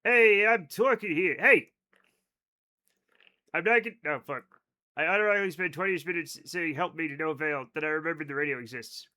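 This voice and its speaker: A man's voice: a little high, a little fast, bright, forceful tone. A man chatting casually on a live game stream, joking and rambling, with plenty of swearing. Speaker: livestreaming gamer.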